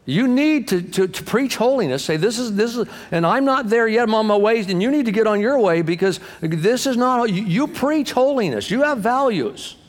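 Male pastor, higher voice, lively sermon delivery, acts out quoted people, long hall echo. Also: moderate pace, hardly any pauses. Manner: animated preacher acting out quoted voices, swinging loud and soft.

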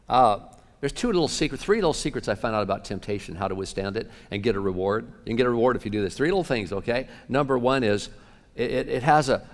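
A man preaching a sermon as pastor, animated, shifting between loud outbursts and hushed asides. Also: mid-range voice, fast talker. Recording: long reverb of a large hall.

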